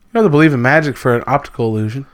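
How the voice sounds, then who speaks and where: A man's voice: mid-range voice, racing. A man co-hosting a casual late-night podcast chat, laid-back, often laughing and dropping short quips. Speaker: podcast co-host.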